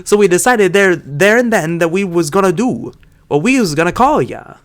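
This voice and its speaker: A man's voice: sits high, expressive, normal speed, voice pushed up. A man voicing a shifty male thief with street slang and a swaggering drawl, part of a brother act. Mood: cocky.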